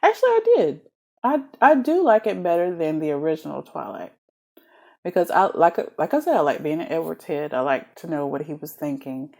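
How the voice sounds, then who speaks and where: A woman chatting casually through a book review, giggling often and leaning on fillers. Her pitch swings widely and expressively from phrase to phrase. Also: very animated, brisk, gravelly, darkish tone.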